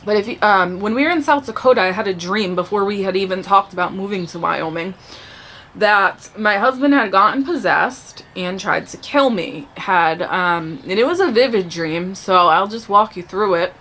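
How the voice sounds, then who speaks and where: A woman sharing a personal faith testimony in casual storytelling, animated and acting out the dialogue as she tells it. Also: medium pitch, normal speed, a little hiss or hum. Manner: animated, acts out dialogue in the telling.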